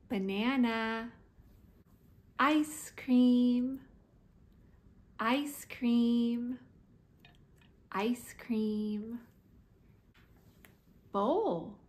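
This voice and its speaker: Slow, high-voiced woman teaching toddlers. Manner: repeats single words slowly and clearly. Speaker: preschool teacher. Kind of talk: slow first-words lesson for toddlers.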